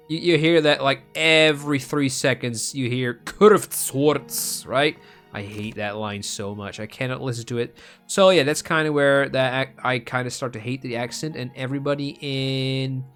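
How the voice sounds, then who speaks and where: A man's voice: mid-range voice, a bit bright. A young man from the Netherlands with a Dutch accent, chatting casually as a gaming streamer and rambling with many ums and restarts. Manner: rambling and self-mocking, with frequent ums and restarts.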